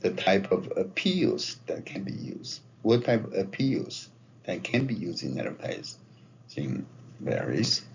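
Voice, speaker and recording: A man's voice: deep voice, sing-song, slow, creaky. A man giving a conversational marketing lecture, often checking in with his listeners. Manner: conversational, often tags phrases with "right?" and "okay?". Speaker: marketing professor. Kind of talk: classroom lecture. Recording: dull lo-fi lecture recording with faint noise.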